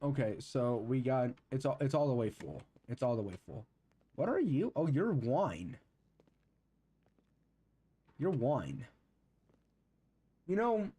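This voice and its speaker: Male streamer, casual gaming chat, mellow and rambling. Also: medium pitch. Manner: rambling, thinking aloud.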